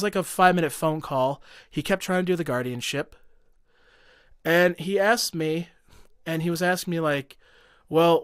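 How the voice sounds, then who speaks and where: A man's voice: on the high side, fairly bright tone, clean tone, dry recording, clean studio sound. A young man telling a long personal story in a casual podcast chat, heated and profane, full of fillers and restarts. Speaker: podcast guest.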